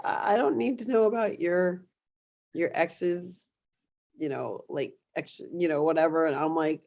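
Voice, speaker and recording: A woman co-hosting a casual chat, telling rambling everyday stories full of animated asides. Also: on the low side, measured pace, gravelly, highs cut off. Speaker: co-host.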